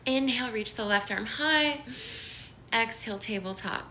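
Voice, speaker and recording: Bright-voiced woman leading a yoga stream. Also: fairly high pitch, slight background noise. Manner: slow, soothing cues mixed with bubbly greetings to viewers. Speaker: yoga instructor. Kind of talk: live-streamed yoga class with chat greetings. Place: home studio in downtown Los Angeles.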